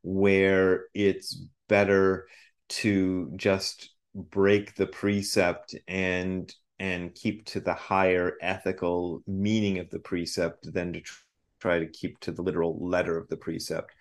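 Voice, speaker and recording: Low-pitched male guest in his fifties, a Zen priest who talks in halting, self-correcting bursts and laughs easily. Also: level tone. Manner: halting, repeats words, laughs often. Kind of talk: casual interview talk.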